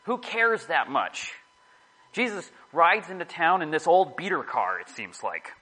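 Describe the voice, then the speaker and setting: A man's voice: a little high, big pitch swings, a little slow, pushed and bright, husky, rough recording. A man giving a casual, rambling sermon to a small group, often correcting himself as he talks. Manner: rambling, self-correcting, chatty.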